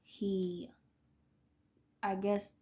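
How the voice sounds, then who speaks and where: A woman's voice: medium pitch, level tone, very slow, warm tone. A woman in her thirties, telling personal stories in a rambling, casual way, laughing often and sometimes dropping almost to a whisper. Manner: rambling, frequent laughs, drops to near-whispers. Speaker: oracle reader and vlogger.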